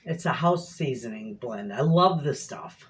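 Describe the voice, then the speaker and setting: A woman's voice: extremely low pitch, expressive, a little slow, slight background noise. Chatty middle-aged homestead woman. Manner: chatty, rambling storyteller with folksy phrasing. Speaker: homestead cooking vlogger. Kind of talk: casual chat to viewers. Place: home kitchen.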